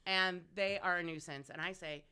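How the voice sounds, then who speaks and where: A woman in her forties, a radio host appearing as a guest, speaks in a lowish, clear, resonant voice at normal speed. She chats casually, laughing often as she tells frank, profane stories like a lively storyteller.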